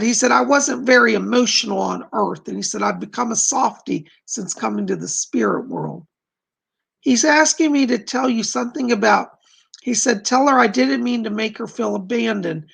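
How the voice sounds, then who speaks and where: A man doing live psychic readings on a stream, reading viewer questions aloud and gently relaying reassuring messages. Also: high voice, creaky, husky. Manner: gentle, reassuring, calls people darling.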